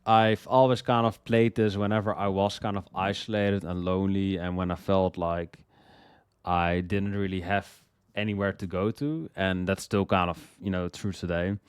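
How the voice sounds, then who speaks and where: A young man with a smooth, fairly low voice talks casually about songs he loves. He rambles, stumbles over repeated words and swears freely as his excitement builds. The sound is dry and close, with no room around it. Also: normal speed, no echo. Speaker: music list host. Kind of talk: casual music commentary.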